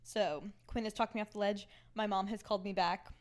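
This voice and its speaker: A young American woman co-hosting a podcast, telling a travel story in casual chat, animated, laughing often and acting out the voices of the people she quotes. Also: mid-range voice, fairly quick. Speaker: podcast co-host.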